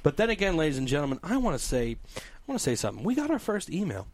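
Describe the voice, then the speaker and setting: A young man hosting a podcast in casual chat, joking loudly and swearing. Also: a little high, huge pitch swings, racing. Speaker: podcast host.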